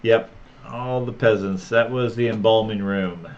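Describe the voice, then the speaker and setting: A man narrating as game master for a tabletop role-playing game, describing scenes in a relaxed, unhurried way. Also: fairly low pitch, highs cut off, a little hiss or hum.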